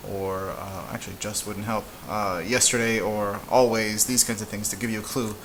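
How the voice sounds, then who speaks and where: Male language teacher, relaxed and halting at the board, slightly low voice, light hiss behind. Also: rough recording. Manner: relaxed, halting, with many fillers and restarts. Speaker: Spanish teacher. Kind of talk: casual whiteboard lesson.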